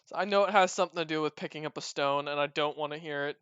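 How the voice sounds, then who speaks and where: A man narrating a tabletop game as game master, in a relaxed way with many fillers. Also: fairly high pitch, racing, clean tone, dry recording, muffled recording.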